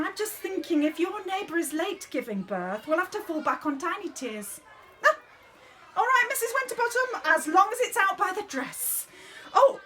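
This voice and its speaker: A woman's voice: very high-pitched, bright, forceful tone, slight background noise, heavily acted. A woman playing a theatrical, bossy drama director. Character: fussy bossy woman directing a school nativity. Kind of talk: comic monologue.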